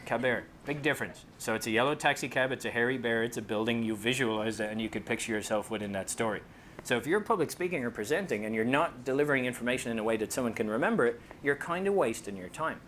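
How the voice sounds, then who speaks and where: A man with an Irish accent giving a funny talk on public speaking, telling stories and acting out voices. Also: a little hiss or hum. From Ireland. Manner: joking, storytelling, acts out voices and rises high when excited. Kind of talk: comic presentation to an audience.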